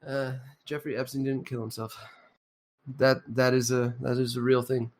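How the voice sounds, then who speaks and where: A man's voice: medium pitch, level tone, moderate pace. A man hosting a casual podcast, rambling and cursing, with lots of ums and uhs. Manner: rambling, profane, many fillers. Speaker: podcast host.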